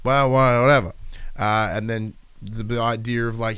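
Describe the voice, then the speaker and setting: A man with a stuffy nose and a smooth, clear voice, rambling through a solo recap. He swears freely and talks loosely, sounding a little under the weather. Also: medium pitch, fairly even intonation, normal speed, a bit bright. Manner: rambling, swears, acts out wrestlers' lines. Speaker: podcast host.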